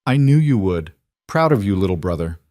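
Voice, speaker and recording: A man voicing a caring older sister who talks in a warm, encouraging and wry way. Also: low voice, sing-song, fairly quick, dry recording, clean studio sound.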